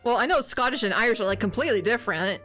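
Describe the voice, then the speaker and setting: A woman's voice: on the high side, lively intonation, very fast, a bit bright, faint music behind. A young woman streaming a game, chatting casually in a rambling, giggly way with lots of fillers. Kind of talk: casual gaming commentary.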